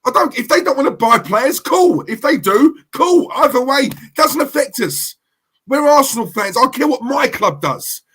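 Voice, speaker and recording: A man's voice: very high voice, big pitch swings, normal speed, a bit bright, slightly rough. A man ranting to camera as a football fan vlogger, heated and emphatic, repeating himself for effect.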